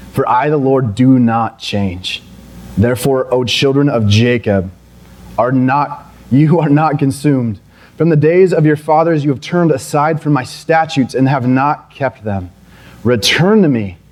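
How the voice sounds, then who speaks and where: A young adult man preaching a sermon in a conversational way, often restarting and then climbing into emphatic, pleading passages. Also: medium pitch. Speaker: pastor.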